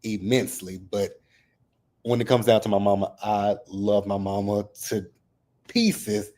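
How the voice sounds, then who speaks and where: Guy in his 30s on a recap livestream, lowish warm voice, gets choked up but keeps chatting. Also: level tone, a little slow. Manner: open and emotional, fighting back tears. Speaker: reality TV recap host. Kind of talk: casual livestream recap chat.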